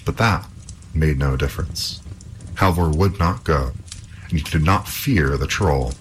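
A man with a very deep voice reads a folk tale aloud, his delivery lively and full of rises and falls. A faint background hiss sits under the voice. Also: rough recording. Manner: expressive storybook reading. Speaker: storyteller.

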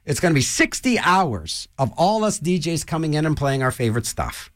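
A man's voice: a little high, sing-song, moderate pace, dry recording. Manic rambling radio DJ man. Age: middle-aged. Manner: manic, rambling, jokey, lots of fillers. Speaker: college radio DJ. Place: radio studio.

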